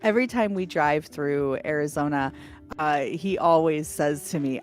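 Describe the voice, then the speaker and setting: A woman with a New York accent co-hosting a livestream, reading viewer messages in a bubbly, animated way and laughing often. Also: low-pitched, moderate pace, faint music behind. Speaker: livestream co-host reading chat. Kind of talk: casual livestream chat.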